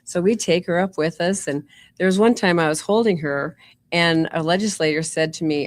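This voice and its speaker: A woman's voice: on the low side, normal speed, dry recording. A middle-aged woman, a nurse practitioner guest telling her story in a chatty way with many fillers. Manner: chatty, warm storytelling with fillers like "you know" and "um". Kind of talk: casual interview storytelling.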